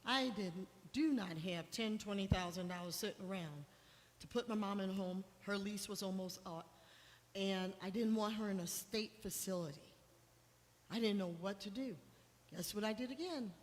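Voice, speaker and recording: A woman's voice: mid-range voice, moderate pace. Middle-aged woman telling an emotional testimony in a reverberant hall. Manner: emotional storytelling, voice rising when quoting herself. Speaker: guest speaker sharing testimony. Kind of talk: personal testimony talk. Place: church hall.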